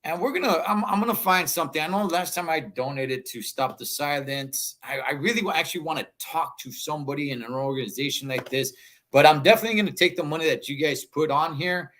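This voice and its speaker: A man's voice: fairly high pitch, fast talker, fairly bright tone. A male host wrapping up his show in a casual, enthusiastic way, slipping in Spanish words. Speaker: podcast host.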